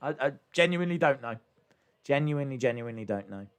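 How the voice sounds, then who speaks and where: A man's voice: medium pitch, expressive, fast talker, clear, resonant tone. Chatty man reacting live. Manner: chatty, thinking aloud with many fillers. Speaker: live stream host reacting to wrestling. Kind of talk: casual live reaction commentary.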